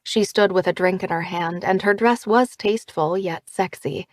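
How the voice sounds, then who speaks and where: Woman reading an audiobook, expressive and lively, super dry close sound. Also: lowish voice, moderate pace, no echo. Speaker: audiobook narrator. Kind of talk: first-person audiobook narration.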